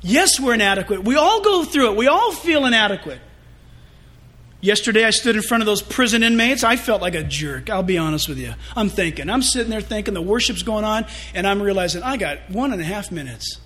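A male pastor preaching a sermon in an animated, joking and confessional way. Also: high voice, brisk.

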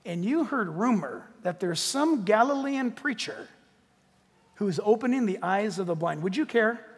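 High-voiced animated male preacher in a hall. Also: unhurried, husky. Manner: animated, jokey preaching with acted-out quotes. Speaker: pastor. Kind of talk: sermon.

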